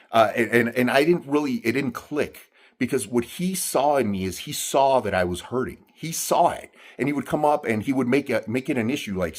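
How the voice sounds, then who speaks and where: Low, husky-voiced man telling a story. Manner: earnest, halting, many restarts and fillers. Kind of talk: personal storytelling monologue.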